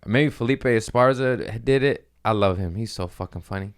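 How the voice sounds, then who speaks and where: A young man talking in a casual comedic monologue, joking and swinging into loud character voices. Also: fairly low pitch, moderate pace, smooth. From Mexican-American family. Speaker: comedian podcast host.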